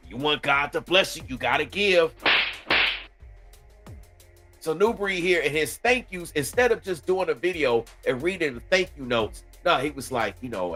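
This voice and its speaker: A man's voice: on the high side, animated, normal speed, a bit bright, faint music behind. A man doing critical reaction commentary, indignant and preachy, talking straight to his viewers.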